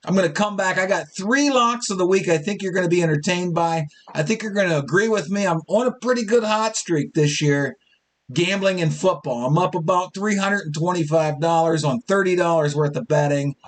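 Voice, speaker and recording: A man's voice: high voice, a little fast. A man hosting a casual sports talk show, joking and a little tipsy, slipping into fan voices as he rants. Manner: animated, joking, mimics fans in quotes.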